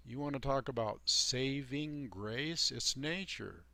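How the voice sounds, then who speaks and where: Gravelly-voiced man preaching a folksy rant. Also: mid-range voice, takes it slowly, hardly any pauses, pushed and bright, no echo. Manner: emphatic and folksy, heavy on "you know" and "man"; mocking, sarcastic asides. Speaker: channel host giving life advice. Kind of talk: rambling preachy monologue to camera.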